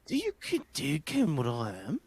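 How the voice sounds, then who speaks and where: A man voicing a stern male prison governor in a rough attempt at a Scottish accent. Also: a little high, wildly swooping pitch, over a noisy crowd, exaggerated voice. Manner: halting, self-mocking.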